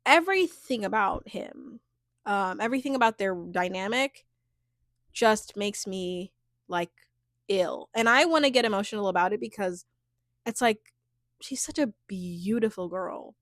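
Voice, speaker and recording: A woman's voice: mid-range voice, lively intonation, moderate pace, fairly bright tone, dry recording, studio quality. A young woman vlogging a casual recap of a reality show, chatty and full of filler words. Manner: chatty, heavy filler words, frequent laughs. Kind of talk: casual reaction chat.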